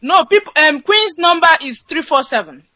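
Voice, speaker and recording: A woman's voice: extremely high pitch, animated, normal speed, sharp tone, no room sound. A woman calling in to a radio show, speaking casually with some hesitation. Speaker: caller. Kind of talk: phone-in call. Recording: dull lo-fi call line.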